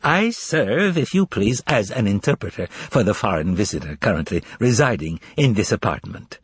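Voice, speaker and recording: A man's voice: on the low side, very animated, moderate pace, breathy edge, no echo. A man voicing a bombastic, fawning male con-man interpreter who speaks in a quavering tenor with a confiding, evasive manner. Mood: wheedling.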